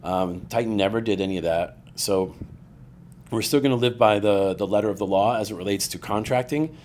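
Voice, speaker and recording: A man's voice: on the low side, a little fast, slight background noise. A man guesting on a podcast, chatting casually and acting out quotes as he tells stories. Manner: animated storyteller, acts out quoted voices. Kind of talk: casual chat.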